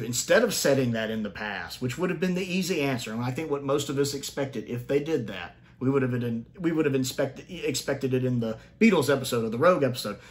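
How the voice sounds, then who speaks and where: A man giving a casual spoken review of a TV episode, opinionated and thinking aloud, often restarting and jumping up in pitch to stress a point.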